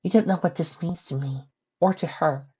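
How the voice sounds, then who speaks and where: A reader voicing a timid, gentle young female pony in a soft, meek voice, on a dull lo-fi recording. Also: mid-range voice, moderate pace, husky, voice pushed up. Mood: grateful.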